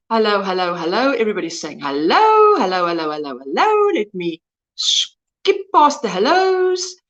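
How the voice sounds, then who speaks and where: A woman's voice: high voice, a bit bright, muffled recording. A woman, hosting a casual livestream and greeting viewers by name as she reads the chat aloud. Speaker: crochet livestream host.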